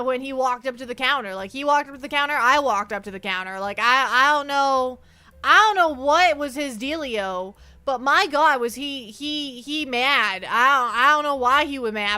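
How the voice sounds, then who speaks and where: A woman's voice: high voice, sharp tone, smooth. A young adult woman streaming as a VTuber, chatting casually and playfully with her viewers and often repeating herself. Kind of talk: casual livestream chat.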